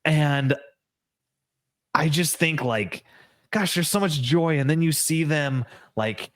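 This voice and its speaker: A man's voice: on the high side, expressive, slow, dry recording, clean studio sound. A man hosting a faith podcast, talking in an earnest, rambling way with many fillers. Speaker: podcast host. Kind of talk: casual interview chat.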